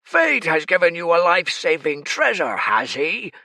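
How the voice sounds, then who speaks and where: A man voicing a furious male demon king who roars his contempt in a raised, high-pitched voice, for an audiobook. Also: wildly swooping pitch, moderate pace, gravelly, bright, forceful tone, no room sound, heavily acted. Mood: roaring. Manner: roaring, contemptuous.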